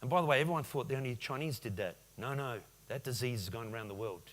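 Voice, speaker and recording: A man in his forties delivers a business keynote in a conference hall, talking straight to the audience and peppering them with questions. His voice sits at an ordinary middle pitch for a man. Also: fast talker, slight background noise. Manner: lively, addresses audience with questions. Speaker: conference speaker.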